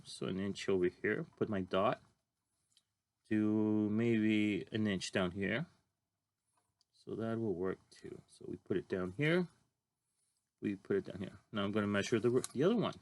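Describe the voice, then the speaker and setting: A man's voice: lowish voice, no echo. A man teaching a drawing lesson, talking casually and thinking aloud as he draws. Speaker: art teacher.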